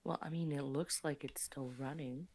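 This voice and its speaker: A woman co-hosting a casual live stream, soft-spoken and quick to laugh. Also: sits low, fairly even intonation. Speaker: co-host and story reader.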